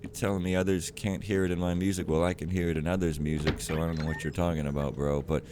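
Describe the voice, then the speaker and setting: Low-voiced rambling male gamer. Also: flat delivery, fast, background noise. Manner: rambling, self-interrupting, ranting. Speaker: let's player. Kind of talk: casual gameplay commentary.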